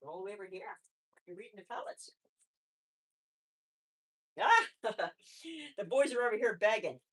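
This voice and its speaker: A woman's voice: a little high, huge pitch swings, slow pace, slightly rough. Chatty woman hosting a pet live stream. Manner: chatty, rambling, with restarts; soft baby-talk to pets, often away from the mic. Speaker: pet channel host. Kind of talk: casual live-stream chat.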